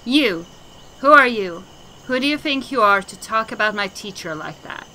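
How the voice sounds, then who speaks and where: A woman's voice: medium pitch, lively intonation, moderate pace, pushed and bright. A woman voicing a hot-tempered young girl who fiercely defends her teacher and scolds whoever insults him. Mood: angry. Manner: indignant, scolding. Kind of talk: game dialogue voicing.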